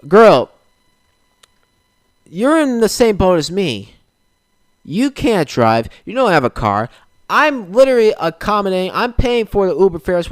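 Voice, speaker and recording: A man's voice: a little high, clean tone, no echo, clean studio sound. A young man hosting a podcast, ranting casually and with exasperation. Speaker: podcast host.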